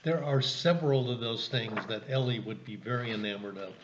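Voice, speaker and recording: A man's voice: medium pitch, brisk, dull audio, noisy background. A man listening to a picture book being read and adding brief dry comments. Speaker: parent listening to a story.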